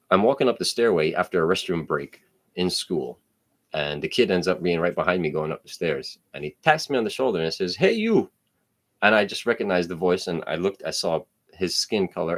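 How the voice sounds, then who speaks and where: Man, 30s, from New Jersey; blunt, profane storyteller, gravelly with a lively swing. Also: low voice. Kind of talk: casual storytelling.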